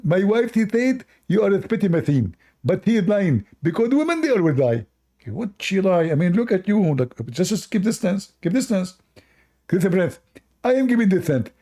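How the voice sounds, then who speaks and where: A man's voice: sits high, warm tone, pitched above the performer's own voice. A man voicing a boastful, touchy male debater who brags shrilly and defensively.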